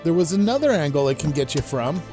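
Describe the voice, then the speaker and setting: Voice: mid-range voice, sing-song, fast talker, music in the background. A Minecraft creator narrating a gameplay tour and walking through builds step by step in a voice-over.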